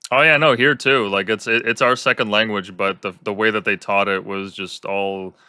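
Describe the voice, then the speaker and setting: A man hosting a casual interview podcast, telling animated stories and acting out the people he quotes. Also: lowish voice, moderate pace, clean tone, no echo, studio quality. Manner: animated storyteller who acts out quoted people. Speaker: podcast host.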